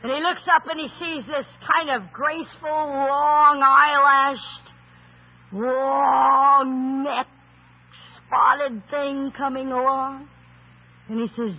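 A man preaching a sermon in an emphatic storytelling style, with rhetorical questions, and raising his voice to a shout for stress. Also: very high-pitched, fairly even intonation, slow. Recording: tinny phone-like sound.

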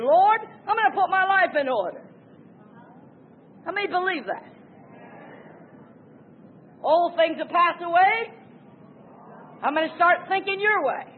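A woman preaching a sermon, emphatic, swinging from loud exclamations to hushed asides. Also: high voice. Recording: tinny phone-like sound with faint noise.

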